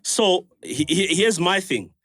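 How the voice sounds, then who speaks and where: A man's voice: high-pitched, animated, takes it slowly, a bit bright, no room sound, studio quality. A South African man in a live audience, asking the hosts a question in a hesitant, stammering way. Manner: hesitant, stammering, calls people dog. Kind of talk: live podcast Q&A.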